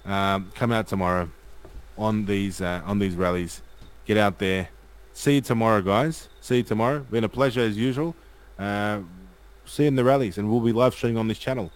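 A man's voice: on the low side, low-quality recording. A man hosting a casual live stream, reading viewer comments aloud and rallying his audience.

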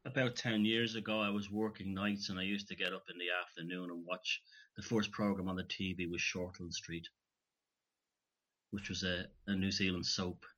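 A man in casual conversation, emphatic and opinionated, pausing and restarting as he thinks. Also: sits low, steady tone, sharp tone. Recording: dull lo-fi recording.

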